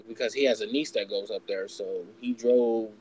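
A man's voice: lowish voice, normal speed, darkish tone, a little hiss or hum, rough recording. A young man in casual podcast chat, telling a personal story candidly, swearing freely and acting out what people said. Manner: candid, swears freely, acts out quoted voices. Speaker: podcast host.

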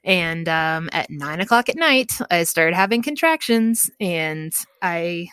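A woman with a lowish voice tells her story as a podcast guest, casual and chatty. She laughs often and lifts her voice to act out what others said. The sound is dry and close. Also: slow, smooth, no room sound. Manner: laughs often, quotes people in lively voices.

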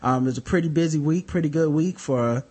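Young male co-host, somewhat high voice, loose and profane, rambling chat with plenty of fillers. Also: brisk, darkish tone, husky. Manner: laid-back, rambling, profane, with many fillers. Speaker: podcast co-host. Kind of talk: casual podcast chat.

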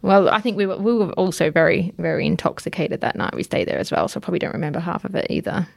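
An Australian woman, a podcast guest, chatting casually with quick asides and frequent laughter. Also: on the low side, vocal fry. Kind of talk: casual chat.

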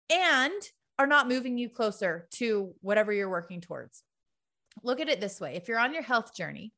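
Emphatic high-voiced woman giving a pep talk. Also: a bit bright. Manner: emphatic, repetitive, tough-love pep talk. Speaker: motivational speaker. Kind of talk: direct-to-camera motivational talk.

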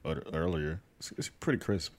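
Deep, lively laid-back man. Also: normal speed. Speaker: podcast co-host. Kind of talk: casual chat. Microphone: new desk microphone.

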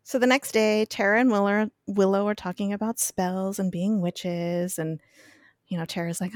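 A woman's voice: medium pitch, steady tone, moderate pace, no echo. Giggly woman recapping, dry close sound. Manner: laughs often, acts out characters' lines. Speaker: guest recapping an episode. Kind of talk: casual podcast chat. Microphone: podcast mic.

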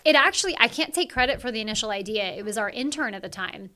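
Woman exec guest on a podcast, bright voice, earnest and emphatic. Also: on the high side, lively intonation, fast. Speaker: guest, company executive. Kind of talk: conversational interview.

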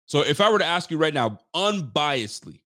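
A man's voice: on the high side, fairly quick. A man hosting a casual live sports talk show, talking emphatically to his viewers and often restarting his sentences. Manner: excitable, emphatic, frequent restarts; chats directly to live viewers. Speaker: sports fan show host.

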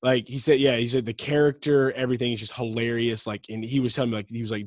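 A man's voice: medium pitch, flat delivery, fast, few pauses, dry recording. A young man, a podcast co-host retelling favorite TV scenes with lots of laughter and swearing. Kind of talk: casual chat.

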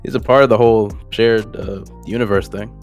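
A man's voice: on the low side, fairly even intonation, fairly quick, a little mellow, soft background music. A man co-hosting a podcast, chatting casually in slang, rambling and correcting himself as he goes. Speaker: podcast co-host. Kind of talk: casual chat.

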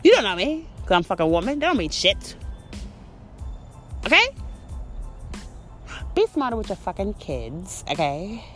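A woman hosting a podcast, telling a story in a heated, profane rant that swings between outbursts and calmer stretches. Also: sits low. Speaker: podcast host. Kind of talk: ranting monologue.

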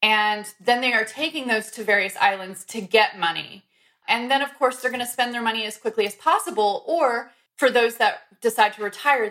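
A woman giving a steady, informal explanation in a casual podcast conversation. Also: mid-range voice.

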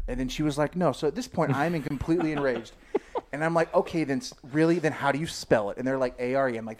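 A man's voice: mid-range voice, fast talker. A man hosting a podcast, telling stories in casual chat and acting out his own past lines. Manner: animated, mimics himself in anecdotes. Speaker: podcast host.

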